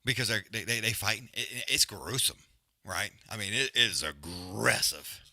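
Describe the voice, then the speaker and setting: A man's voice: fairly low pitch, normal speed, pushed and bright. A man hosting a live fight watch-along, breaking down the action in loose, profane, slangy commentary.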